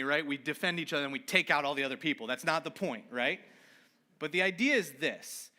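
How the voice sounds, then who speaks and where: A male pastor preaches in an easygoing, conversational way, tossing in "right?" between points and openly owning his own weaknesses. His voice sits a little high for a man and has a bright, forward edge. The delivery is lively and informal rather than formal. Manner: animated and informal, with frequent "right?" asides; candid and self-deprecating about his own failings. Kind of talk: conversational sermon.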